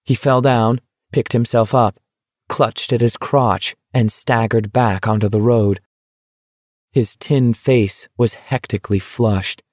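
A man reading a novel aloud as narrator, in a measured, deliberate way. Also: mid-range voice, fairly even intonation, a little mellow, dry recording, studio quality. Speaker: audiobook narrator. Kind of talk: scripted narration.

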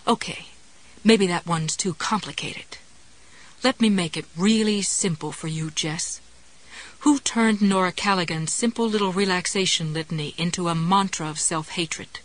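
Give me a woman playing a blunt furious inner voice in a storybook, loud and accusing. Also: fairly low pitch, normal speed, lightly acted, low-quality recording. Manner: angry, sharp, interrogating.

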